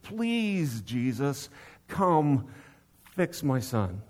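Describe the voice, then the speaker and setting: A man's voice: medium pitch, very animated, drawn-out words, darkish tone, full character voice. A frantic father begging for his dying son's life, urgent and imploring, his voice climbing as he pleads, as a preacher puts him on. He sounds like an ordinary man in a mid-range male voice, pressing hard with every request. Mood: pleading. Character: desperate father pleading for his sick son.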